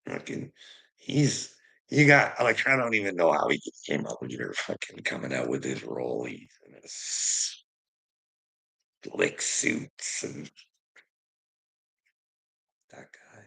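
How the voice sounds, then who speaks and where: A man's voice: a bass voice, huge pitch swings, unhurried, vocal fry, pushed and bright, breathy edge, poor audio. A man delivering a heated, profane rant to his viewers, confrontational and swearing constantly. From Canada. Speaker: streamer.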